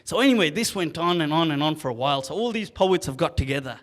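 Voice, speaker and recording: A man giving a lively storytelling lecture at an event, speaking casually and acting out the dialogue. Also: fairly high pitch, fast. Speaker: Islamic scholar speaking at an event. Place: large hall at a live event. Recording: long hall reverb.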